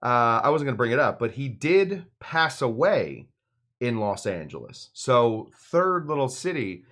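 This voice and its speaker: A man's voice: mid-range voice, very animated, a little slow, fairly bright tone. A bartender hosting a cocktail show, talking loosely and rambling with lots of fillers and asides while he mixes drinks. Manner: rambling, loose, full of fillers and side remarks. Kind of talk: casual cocktail-making demonstration.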